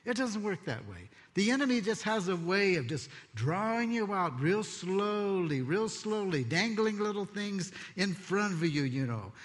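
A man preaching a sermon as pastor, expressive and conversational, telling stories with asides. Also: sits high, unhurried, few pauses. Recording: long hall reverb.

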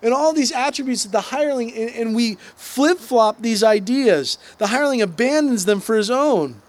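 Man in his thirties, pastor, lively sermon, high voice, chatty asides. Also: normal speed. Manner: conversational, animated preaching with asides and quoted voices.

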